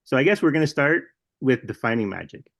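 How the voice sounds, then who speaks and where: A man's voice: medium pitch, expressive, a little fast, creaky, a bit bright, no echo, clean studio sound. Easygoing man podcast host. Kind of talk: casual podcast chat.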